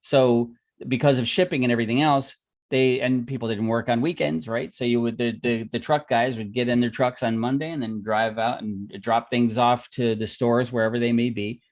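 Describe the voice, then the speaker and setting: Here a co-host of a podcast, a former record store clerk with long music industry experience, talks at normal speed in a steady, medium-pitched voice. His long livestream stories wander, restarting often and packed with fillers.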